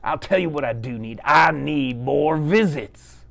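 A kindly old grandmother in a bedtime story, gentle and firm, speaking slowly, as a man puts her on. The voice has a gravelly texture and an animated lilt. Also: on the high side, heavily acted.

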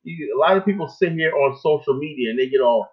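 A fast-talking, animated talk show host with a high-leaning voice launches into a rambling, profane rant. His delivery is emphatic and packed with filler tags and cursing, and the audio sounds like a tinny phone line.

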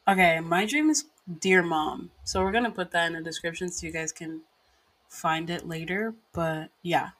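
A woman's voice: lowish voice, moderate pace, a bit bright. A woman co-hosting a podcast, chatting casually and bluntly, swearing when annoyed. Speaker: podcast co-host. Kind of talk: casual chat.

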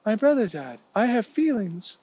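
A man putting on a high, melodramatic whine to mock a self-pitying celebrity woman, on a muffled lo-fi recording. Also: very animated, moderate pace, dark tone, slightly rough, full character voice.

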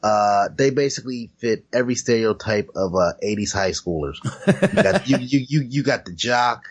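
A man's voice: medium pitch, lively intonation, normal speed, husky. A man co-hosting a podcast, chatting loosely about movies with plenty of profanity and fillers. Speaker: podcast co-host. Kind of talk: casual chat about movies.

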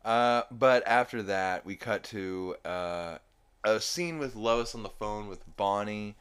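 A young adult man recapping a cartoon episode on his podcast with a very low voice. He rambles casually, laughing at the jokes and filling pauses with ums and uhs. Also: fairly bright tone, clear, resonant tone. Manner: rambling, filler-heavy, amused. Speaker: podcast host.

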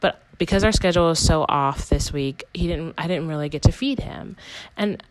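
Sitting low in pitch and moving at normal speed, a young woman's voice comes through a rough recording with no room sound. As host of a casual personal podcast, she rambles candidly, with lots of "like" and frequent self-corrections.

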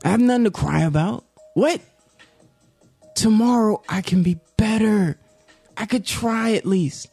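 Slow, gravelly laid-back commentator. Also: medium pitch, darkish tone, faint music behind. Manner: slangy and laid-back, drops "yo" often; musing, self-encouraging. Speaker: commentary YouTuber. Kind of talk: casual reflective vlog monologue.

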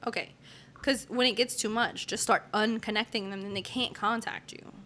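A young woman, a podcast host, calmly giving supportive dating advice in a casual chat. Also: a little high, moderate pace, a little hiss or hum.

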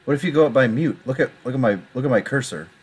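A man co-hosting a casual online show, easygoing and quick to laugh. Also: mid-range voice, breathy edge. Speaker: podcast co-host. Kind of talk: casual chat.

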